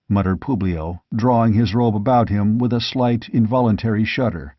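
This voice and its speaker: A man narrating an audiobook in a measured, steady storytelling manner. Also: on the low side, dry recording. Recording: dull, dry lo-fi audiobook recording.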